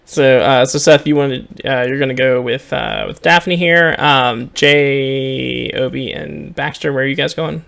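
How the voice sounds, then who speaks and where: A man narrating as game master for a tabletop role-playing game, describing scenes in a halting way. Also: mid-range voice, fairly even intonation, gravelly, a bit bright.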